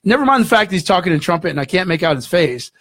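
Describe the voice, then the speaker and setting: A man, a guest in an interview, telling a story in an animated way and acting out the voices in it. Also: sits high, racing, no room sound, clean studio sound. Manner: animated, acts out dialogue in the story.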